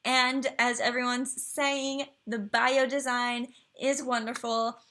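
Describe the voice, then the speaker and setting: A young woman with a high-pitched voice hosts a relaxed livestream, speaking slowly in a bright, lively tone. She chats easily, reading game profiles and viewer messages aloud and talking to her computer as she reviews them.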